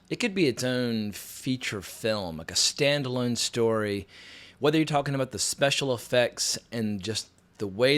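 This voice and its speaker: A man's voice: medium pitch, fairly bright tone. A man talking casually and enthusiastically as he reviews a TV episode, his voice scratchy from getting over a cold, often rambling and restarting. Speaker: TV review vlogger.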